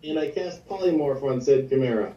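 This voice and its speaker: A man's voice: mid-range voice, lively intonation, a little fast. A man playing in a tabletop game, eagerly laying out his plans at length. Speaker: player. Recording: dull, roomy, distant mic.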